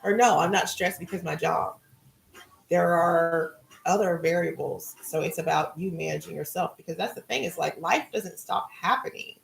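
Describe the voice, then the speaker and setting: Middle-aged woman, gravelly voice, casual spiritual talk, card-reading host, echoey room. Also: fairly low pitch, moderate pace, a little hiss or hum. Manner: relaxed, musing, conversational.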